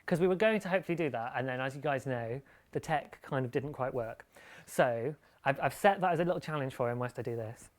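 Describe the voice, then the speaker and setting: A man's voice: mid-range voice, brisk. Male podcast host, casual and rambling, self-deprecating. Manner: chatty, rambling, laughs at himself. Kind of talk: casual live-show chat about knitting.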